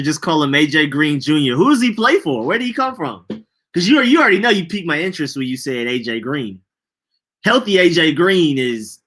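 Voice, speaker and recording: A man's voice: medium pitch, fairly bright tone. A young man hosting a casual sports podcast, chatting loosely and reacting to viewer comments. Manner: loose, chatty, says bro a lot. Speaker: podcast host reading chat.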